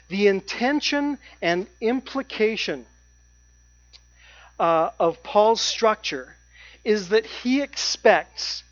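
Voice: medium pitch, fairly bright tone, dry recording. Emphatic preacher, dry dull recording. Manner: emphatic, repeats key phrases, slows down to stress points. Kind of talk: sermon.

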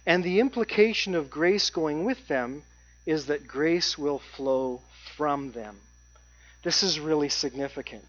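Preacher delivering an emphatic sermon; repeats phrases, slows for stress, mid-pitched, dry and lo-fi. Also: animated, dry recording. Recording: dry, dull lo-fi sound.

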